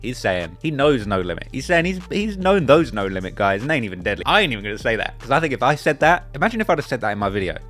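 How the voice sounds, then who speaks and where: A man's voice: medium pitch, soft background music. A man hosting a casual reaction commentary, sarcastic and joking as he answers critics of his video. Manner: sarcastic, joking, fast and animated. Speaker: true crime channel host reacting to a clip.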